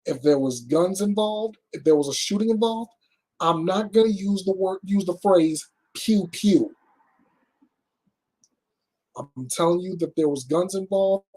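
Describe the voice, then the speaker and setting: The news host is a man whose voice is husky and rather high. He goes through crime reports and adds his own remarks in a blunt, emphatic, deliberate manner, never softening anything.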